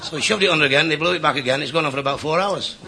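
Give me a man doing deadpan stand-up on a hissy live recording. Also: a little high, rapid-fire, over a noisy crowd. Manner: deadpan one-liners with voiced characters. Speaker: stand-up comedian. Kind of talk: rapid-fire joke telling. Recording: noisy live club recording. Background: audience laughter.

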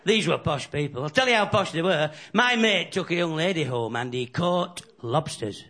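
A man from the north of England doing a bawdy stand-up routine, telling stories and slipping into quick character voices. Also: fairly high pitch, animated, a bit bright. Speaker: stand-up comedian. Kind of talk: stand-up routine with crowd laughter. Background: audience laughter.

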